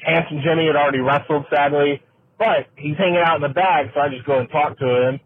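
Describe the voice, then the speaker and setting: A man's voice: fairly high pitch, fairly even intonation, fairly quick. A man from Mississippi, telling an anecdote as a caller and acting out the quotes in it. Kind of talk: storytelling anecdote. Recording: tinny phone line with faint noise.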